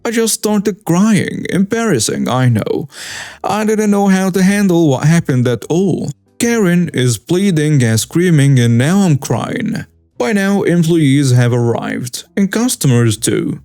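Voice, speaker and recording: A young man narrating a first-person story in an earnest, steady reading tone. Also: a little high, slow, no echo, faint music behind.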